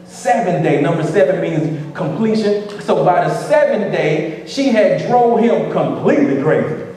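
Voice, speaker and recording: A man's voice: sits high, animated, measured pace, dark tone, distant mic, a little hiss or hum. A male pastor preaching a sermon in a playful, call-and-response way, repeating phrases to the congregation. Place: church sanctuary. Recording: echoey church hall from afar.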